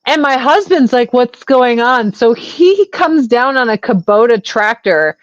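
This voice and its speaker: Crude, animated woman telling stories. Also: fairly high pitch, measured pace, no echo. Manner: animated, crude, laughing storyteller. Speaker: guest. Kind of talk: casual storytelling chat. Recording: dull lo-fi sound.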